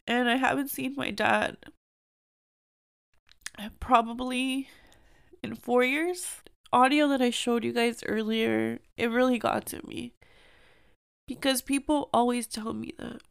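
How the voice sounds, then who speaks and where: A woman's voice: fairly high pitch, fairly even intonation, takes it slowly, vocal fry, pauses often, clear, resonant tone. A young woman hosting a personal podcast, speaking earnestly and emotionally, with many "like"s and "um"s. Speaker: podcast host.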